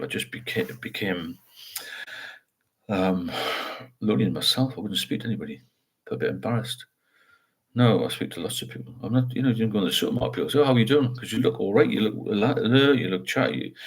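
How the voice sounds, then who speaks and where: This older man has a lowish voice with a breathy edge. As host of a casual live chat, he reads comments from viewers, speaks frankly and rambles, regularly ending his remarks with tag questions.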